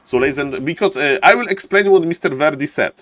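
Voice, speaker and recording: A man who is not a native English speaker, casting a game live on stream in a showy way, chatting with viewers and greeting them warmly. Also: on the high side, quick pace, dry recording. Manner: showman-like, keeps repeating "ladies and gentlemen". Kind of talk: live esports commentary.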